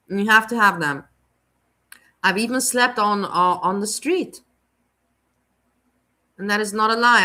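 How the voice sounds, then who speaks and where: Blunt mocking woman commentator, bright voice. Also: medium pitch. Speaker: commentary host. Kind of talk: reaction commentary on a clip.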